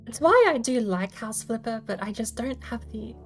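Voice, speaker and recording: A woman's voice: fairly high pitch, animated, normal speed, faint music behind. A woman hosting a casual livestream, thinking aloud as she explains her game build ideas. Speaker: streamer host.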